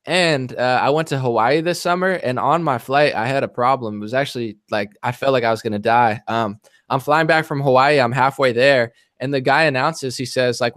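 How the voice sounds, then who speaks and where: A man's voice: medium pitch, moderate pace, a bit bright, dry recording. Podcast host, male, casual rambling storyteller with a joking edge; dry, close sound. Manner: rambling and jokey. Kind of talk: casual chat.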